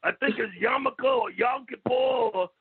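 A man co-hosting a call-in show, teasing the others loudly with brash jokes and stammering restarts. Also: very high-pitched, normal speed. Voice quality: raspy, gravelly. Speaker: co-host. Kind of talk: loud joking radio banter. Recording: tinny phone line.

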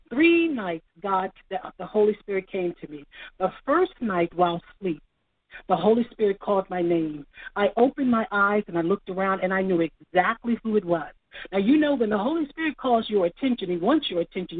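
A woman's voice: mid-range voice, husky, dry recording. A middle-aged woman giving an emotional personal testimony in a preacherly way, repeating phrases for emphasis. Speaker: author guest. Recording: tinny phone-line sound.

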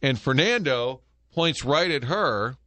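A middle-aged man hosts sports talk radio, spinning animated stories and quick jokes at a relaxed, conversational clip. His voice sits at an ordinary pitch and comes across close and dry, with no room sound around it. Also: dry recording. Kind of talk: casual sports talk banter. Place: radio studio. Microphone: studio microphone.

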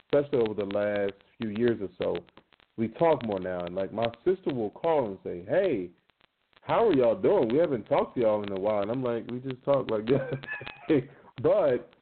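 A man, chatting casually as a guest, with many fillers. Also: mid-range voice. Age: 30s. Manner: conversational, many fillers, laughs while telling stories. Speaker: guest panelist. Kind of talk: casual chat. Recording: tinny phone line with faint noise.

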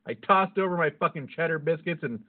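Man, podcast co-host, casual storytelling, constant swearing, slightly high voice, lo-fi phone-like audio. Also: expressive, fairly quick. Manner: rambling, swears constantly, laughs at own jokes.

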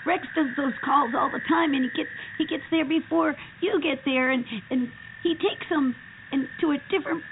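A woman voices a jittery young bean girl from a storybook adventure, nervous, always hungry and chattering. Her voice sits high with a gravelly, creaky edge. It comes through a tinny, phone-like line with steady hiss. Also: normal speed. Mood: anxious. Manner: anxious, talks over her partner.

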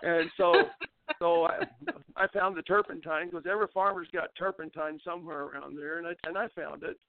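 An older man with a drawl tells long, rambling farm stories and keeps restarting his sentences. His voice sits high for a man. He is heard over a tinny phone line. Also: lively intonation, a little fast, creaky. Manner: rambling folksy storyteller, frequent restarts, laughs at his own tales. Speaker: interview guest, former baseball pitcher. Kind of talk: storytelling in a casual interview.

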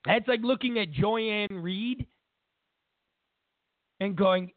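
A man hosting a show, giving an opinionated political commentary as a mocking, animated rant. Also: sits high, takes it slowly, long pauses, dry recording. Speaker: show host. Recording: tinny phone-like dry audio.

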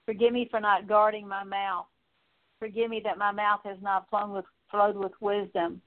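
Woman prayer leader, earnest confessional prayer, gravelly edge, flat delivery, phone-quality sound. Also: medium pitch. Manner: earnest, repetitive confessional phrasing with fillers. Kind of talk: spoken prayer. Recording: tinny phone-like audio.

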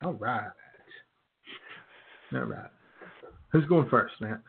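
A man co-hosting a podcast in a mid-pitched voice, sardonic and chuckling, his speech full of fillers. He comes through a thin, phone-like line. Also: lively intonation, slow, vocal fry, husky. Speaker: podcast co-host. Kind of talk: casual chat. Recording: phone-like narrow band.

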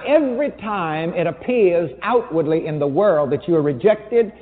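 A man preaches a sermon in an emphatic, wry and teasing way, his fairly high voice swinging widely in pitch. The recording sounds thin and phone-like, and a long reverb trails his voice around a big hall. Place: large hall with an audience.

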